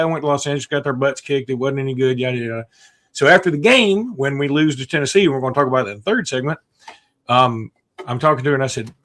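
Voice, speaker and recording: A man co-hosting a sports podcast, chatting in a folksy, animated way and reading an ad. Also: fairly high pitch. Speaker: podcast co-host. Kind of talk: casual sports podcast chat with ad read.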